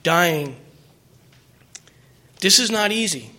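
At a meeting, a middle-aged man shares his personal recovery story in a high-pitched, expressive, slow voice that sounds pushed and bright. He's earnest and emotional, rambling and restarting as he goes.

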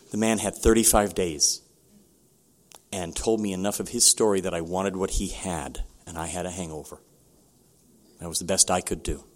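Older man, candid halting storyteller. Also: low voice. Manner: candid, halting, with many restarts. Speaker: recovery meeting speaker. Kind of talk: personal recovery story.

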